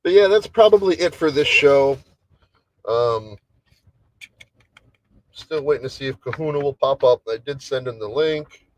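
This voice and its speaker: A man's voice: medium pitch, unhurried, pauses often, rough recording. A man hosting a casual solo livestream, chatting in a rambling way with lots of restarts and trailing thoughts. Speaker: livestream host. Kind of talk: casual solo stream chat.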